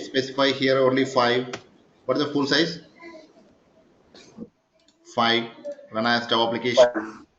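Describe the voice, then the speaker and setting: A man with a mid-range, fairly bright voice teaches a live coding lecture, constantly checking in by quizzing students with "yes or no?" The class recording is echoey and dull, with a little hiss or hum.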